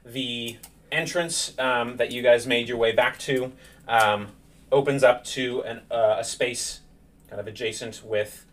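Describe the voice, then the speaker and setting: A man narrating a tabletop game as game master, pausing often with fillers as he describes the scene. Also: medium pitch, steady tone, fairly bright tone, distant mic. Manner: hesitant, many fillers. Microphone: streaming setup.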